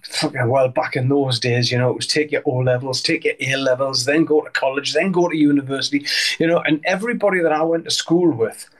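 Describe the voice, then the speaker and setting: A man, telling rambling anecdotes in a casual interview and swearing freely. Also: medium pitch. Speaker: interviewee, musician.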